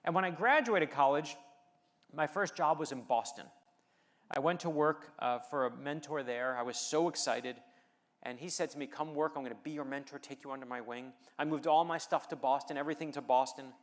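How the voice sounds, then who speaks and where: With a fairly high pitch and brisk delivery, a middle-aged man from the U.S. gives a motivational speech. The keynote speaker and novelist shares personal stories, adds light humor, and rallies listeners.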